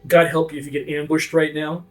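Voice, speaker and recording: Lively man narrating a tabletop game. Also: on the high side, brisk, soft background music. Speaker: game master.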